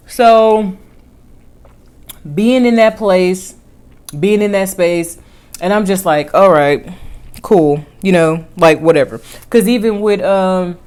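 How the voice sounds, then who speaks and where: A woman vlogger chatting casually to her viewers in a rather low voice. She tells her story in an animated way, rising and falling in pitch and loudness as she goes. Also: smooth. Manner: chatty storytelling with lively swings in pitch and volume. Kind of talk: casual chat.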